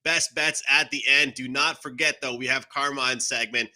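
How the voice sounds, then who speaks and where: Bright, upbeat man hosting a panel. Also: mid-range voice, steady tone, moderate pace. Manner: upbeat, hands off to panelists by name. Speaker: show host. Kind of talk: hosting a sports betting show.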